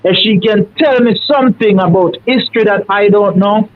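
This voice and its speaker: A man's voice: high-pitched, normal speed, no room sound. A man with a Jamaican accent calling in, telling a rambling, emphatic story in a folksy way. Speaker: caller. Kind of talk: casual storytelling on a live call. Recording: tinny dry phone line.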